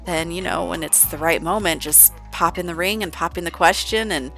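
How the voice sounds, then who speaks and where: A woman voicing an excited young man who tells his friends big news in casual bro-talk. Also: fairly low pitch, normal speed, soft background music. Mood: earnest.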